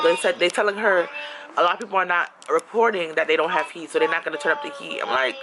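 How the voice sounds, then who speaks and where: A woman ranting about her apartment in a casual vlog, frustrated and animated, her pitch jumping high when she's exasperated. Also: fast talker. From New York. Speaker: vlogger. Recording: background noise.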